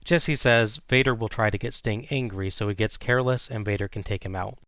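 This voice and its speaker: A man's voice: lowish voice, fairly quick, a bit bright, no room sound, studio quality. A man hosting a podcast, recapping a wrestling match play by play in a casual way with small chuckles.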